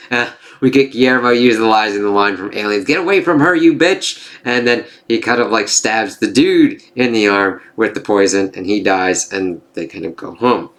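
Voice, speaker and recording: Excitable and profane, a man with a lowish voice recaps and reviews a TV episode casually, packing his talk with "kind of" and "like."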